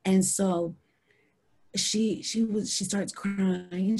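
A woman in her thirties, a podcast guest telling a story in an animated way, acting out the people she quotes. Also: slow pace, husky. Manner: animated, acts out quoted people in high voices.

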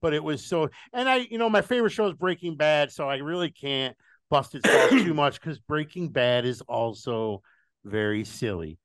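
A man's voice: a little high, lively intonation, moderate pace, fairly bright tone, no echo, clean studio sound. A man hosting a podcast in casual chat, frank and opinionated with a wry edge. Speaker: podcast host.

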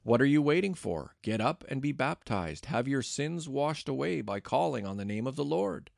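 A man reading as Ananias, a devout, gentle elder. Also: medium pitch, very animated, moderate pace, vocal fry, no echo, clean studio sound. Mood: urging.

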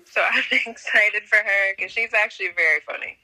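A woman's voice: mid-range voice, a little fast, sharp tone, low-quality recording. A woman guest on a podcast, chatting casually and enthusiastically agreeing. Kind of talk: casual chat.

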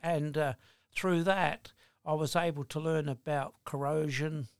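An older man answers interview questions deliberately and firmly, slowing down on some words. His voice sits a little high for a man. The recording is dry and close to the mic. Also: fairly even intonation, clear, resonant tone, dry recording. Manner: deliberate, firm, slow in places. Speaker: guest, engineering business owner.

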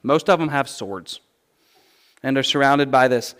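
A man preaching a conversational sermon, explaining scripture in an animated, chatty way with playful asides. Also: mid-range voice, a little slow, clear, resonant tone.

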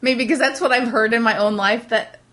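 A woman's voice: on the high side, moderate pace. Rambling woman, casual chat. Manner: rambling, animated, many restarts. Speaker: podcast co-host.

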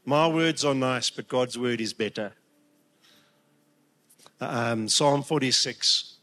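A man preaching a heartfelt sermon, emotional at times, with halting restarts and rising emphatic peaks. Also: mid-range voice, sharp tone.

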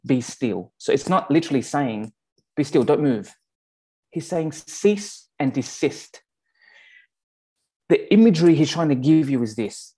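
A man with an Australian accent giving a conversational sermon, often pausing to check in with his listeners. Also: medium pitch, dark tone. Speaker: pastor.

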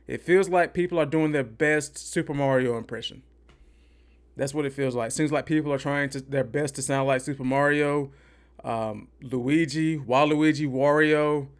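A man hosting a podcast, giving an opinionated, rambling movie review and repeating himself for emphasis. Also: medium pitch. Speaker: podcast host. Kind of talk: casual movie review rant.

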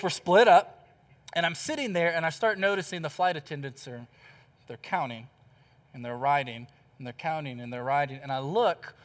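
Guy preaching in church, high voice, lively story, hammers words over and over. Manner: animated, emphatic repetition. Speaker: pastor. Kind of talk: storytelling sermon.

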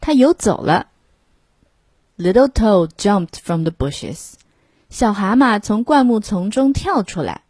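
A woman reading a children's storybook aloud, line by line in two languages, clearly and expressively. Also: mid-range voice, lively intonation, takes it slowly, a little mellow, no room sound. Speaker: storybook reader.

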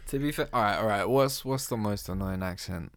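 Low-voiced young man ranting in slang. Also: a little fast, no room sound, clean studio sound. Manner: slangy, swearing, ranting storyteller. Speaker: podcast co-host. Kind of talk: casual podcast banter.

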